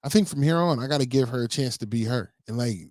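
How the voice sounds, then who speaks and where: A man co-hosting a podcast, telling parenting stories in a relaxed, rambling way full of fillers. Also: medium pitch, fast talker, no room sound. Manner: relaxed storytelling with many fillers. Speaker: podcast co-host. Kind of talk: casual chat.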